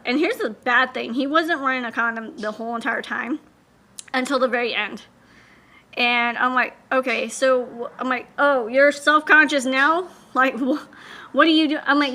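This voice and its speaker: A woman's voice: on the high side, sharp tone. A woman vlogger candidly telling a personal story, blunt and swearing, acting out what people said.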